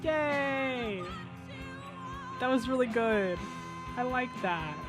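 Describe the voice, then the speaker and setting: A woman's voice: fairly high pitch, slow pace, over music. A woman gaming streamer giving let's-play commentary, cheering in a gushing, childlike way.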